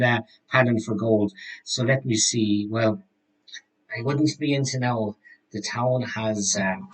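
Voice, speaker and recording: A man's voice: on the low side, fairly bright tone, close to an everyday voice, low-quality recording. A man voicing a chatty, gossipy middle-aged frontier shopkeeper who rambles and restarts his sentences in a tabletop game. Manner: rambling, hesitant, full of restarts. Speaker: game master.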